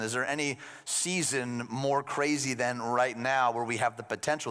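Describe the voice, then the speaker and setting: A man with a fairly high voice preaches a sermon in a relaxed, conversational way, slipping in wry jokes. His voice rings out with a long reverb from a church hall. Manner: conversational, with joking asides. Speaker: pastor.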